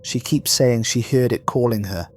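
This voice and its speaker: A man's voice: medium pitch, slight background noise, close to an everyday voice. A man voicing a frightened medical officer. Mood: fearful. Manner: fearful, measured.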